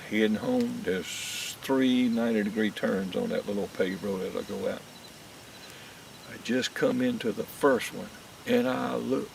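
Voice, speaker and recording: Gravelly Southern storyteller man, distant outdoors. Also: on the low side. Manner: lively drawling yarn-spinning. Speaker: host. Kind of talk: folksy storytelling. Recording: distant mic outdoors with faint nature noise.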